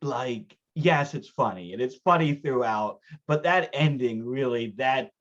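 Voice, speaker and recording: A man hosting a reading series, reacting to a reading in excitable, gushing casual chat and laughing easily. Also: mid-range voice, measured pace, highs cut off.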